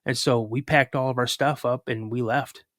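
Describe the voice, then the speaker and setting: Male guest, mid-range voice, lively halting storytelling, dry recording. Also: mid-range voice, no room sound. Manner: animated retelling with restarts and acted-out quotes. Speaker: podcast guest, cryptid researcher. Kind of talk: casual personal storytelling.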